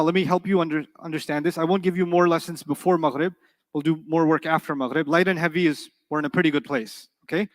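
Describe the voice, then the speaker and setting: Male teacher, high-pitched, animated lecture style, quizzes the class as he goes. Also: no room sound. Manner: animated storytelling, asks the class questions; acts out quoted voices in his stories. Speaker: Arabic teacher.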